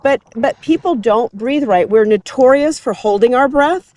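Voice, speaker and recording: A woman's voice: fairly high pitch, moderate pace, mellow, no room sound. Upbeat woman explaining health outdoors. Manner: explanatory, upbeat, laughs easily. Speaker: host. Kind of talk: casual health talk on a hike. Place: outdoors on a hike.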